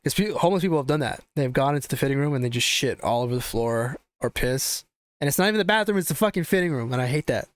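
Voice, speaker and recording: Talking quickly, a young podcast host spins a swear-filled, animated story that keeps rambling and restarting. His voice is smooth and resonant, pitched in the middle. The audio is dry and close-miked, without any room echo.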